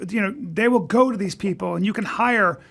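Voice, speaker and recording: Man, high voice, gravelly, rambling animated storyteller, podcast guest. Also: a little fast. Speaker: comedian guest. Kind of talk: casual podcast chat.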